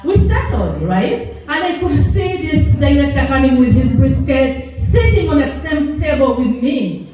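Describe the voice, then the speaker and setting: A woman's voice: sits high, unhurried, soft background music. Ugandan woman storytelling in an echoey hall. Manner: animated, acts out dialogue, laughs through lines. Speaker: event speaker. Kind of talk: personal storytelling to a live audience. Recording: echoey hall, mic from far off.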